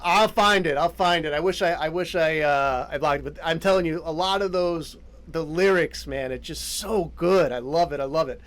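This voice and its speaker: A man's voice: fairly high pitch, a bit bright. A man in his forties hosting an interview in an enthusiastic, easygoing way, talking over a video call. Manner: enthusiastic, easygoing, quick to react. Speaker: podcast host, interviewer. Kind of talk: casual interview chat.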